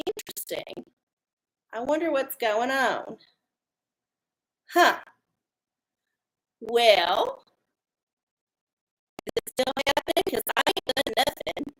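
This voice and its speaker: A woman's voice: sits high, lively intonation, slow pace, long pauses, a bit bright, faint music behind. A woman hosting her own livestream, chatting casually and swearing freely. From Texas. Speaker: livestream host. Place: home studio under hot lights.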